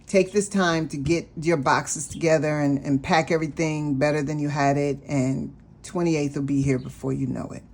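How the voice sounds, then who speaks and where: A woman vlogging about her budget, telling a personal story in a chatty, animated way and talking straight to her viewers. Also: low-pitched, normal speed, creaky. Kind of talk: casual storytelling vlog.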